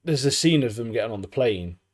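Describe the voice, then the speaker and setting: A young English man co-hosting a casual podcast chat, animated and swearing freely, laughing at his own jokes and saying "mate" constantly. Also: mid-range voice, brisk, a loud crowd. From England. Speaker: podcast co-host.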